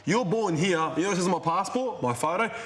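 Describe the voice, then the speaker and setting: A man explaining his view and trying to calm an argument. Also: sits high, quick pace. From Australia. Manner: reasoning, mediating, interrupting. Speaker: reality show housemate. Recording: echoey room.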